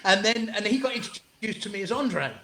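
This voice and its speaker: A middle-aged English man, a comedian guest, telling anecdotes in an animated, casual way with frequent restarts and the odd swear word. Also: sits high, fairly quick, slight background noise. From England. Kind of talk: anecdotal storytelling in an interview. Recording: roomy echo.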